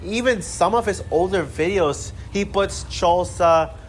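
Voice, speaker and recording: A man with a somewhat high-pitched voice delivers an unscripted rant. He sounds exasperated and rambles, stumbling through fillers and false starts. Faint noise sits behind him. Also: a little slow. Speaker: channel host ranting about a critic.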